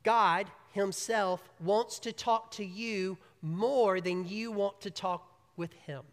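A pastor preaching a morning sermon, swinging between emphatic loud passages and hushed, quiet stretches. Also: medium pitch, takes it slowly, big-room sound. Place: church sanctuary.

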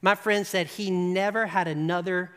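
A preacher telling an animated anecdote in a sermon, often checking in with the audience with "right?". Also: medium pitch, normal speed, smooth, in a large hall. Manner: animated storyteller, rising to emphatic peaks. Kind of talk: sermon storytelling.

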